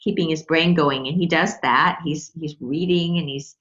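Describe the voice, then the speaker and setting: An older woman speaking as a guest, thoughtful and gentle, with halting phrasing. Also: low voice, steady tone, muffled recording. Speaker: guest, caregiver wife. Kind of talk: casual conversation.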